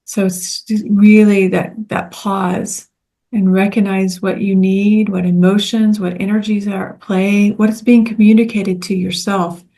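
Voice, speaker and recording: A woman co-facilitator guides listeners step by step in a soft-spoken, gentle voice. Her pitch stays flat and even, and she speaks in a reflective way. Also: unhurried. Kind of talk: guided teaching talk.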